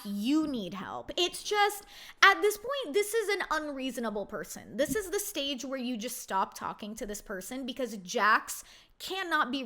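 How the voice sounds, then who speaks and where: A woman's voice: on the high side, bright, forceful tone. A young woman hosting a reality TV recap, giving blunt, indignant commentary in a casual way.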